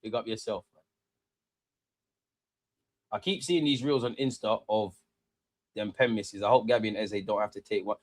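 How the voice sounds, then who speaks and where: A man's voice: moderate pace, pauses often, a little mellow, no room sound. A young man hosting a casual football live stream, slangy and sweary, reading viewer comments and reacting to them. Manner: slangy, swears freely, mocks comments in high squeaky voices.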